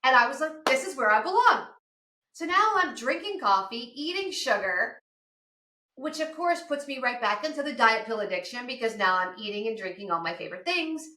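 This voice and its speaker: A woman in her fifties, from outside Philadelphia, tells her story in a lively way and acts out the people in it. Her voice sits fairly high and sounds bright. The room adds a clear echo. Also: a little fast. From outside Philadelphia, USA. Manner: lively storyteller who acts out past dialogue. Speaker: podcast guest, addiction counselor. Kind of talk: personal storytelling on a podcast. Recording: roomy echo.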